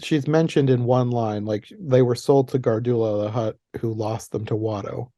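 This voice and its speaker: Male podcast host, relaxed mellow tone, dry studio sound, chatty retelling of plot. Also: mid-range voice, normal speed, no room sound. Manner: animated, laughs often, retells plot details. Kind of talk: casual movie podcast chat.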